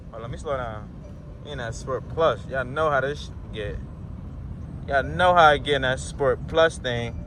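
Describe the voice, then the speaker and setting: With a mid-range voice at a moderate pace, a young man drives and chats casually with viewers, using lots of slang. The car vlogger's mounted camera catches faint road noise inside the moving car, and he gets loud and excited each time he accelerates.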